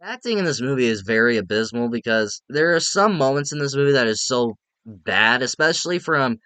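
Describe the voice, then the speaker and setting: A man's voice: medium pitch, expressive, a little fast, bright, forceful tone, clean tone, dry recording. A man giving a casual, rambling film review, repeating himself and laughing at the movie.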